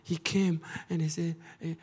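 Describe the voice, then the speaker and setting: A man's voice: fairly high pitch, flat delivery, moderate pace, darkish tone, husky. A middle-aged man, a pastor telling his testimony in emotional, broken English. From Rwanda. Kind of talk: testimony preaching.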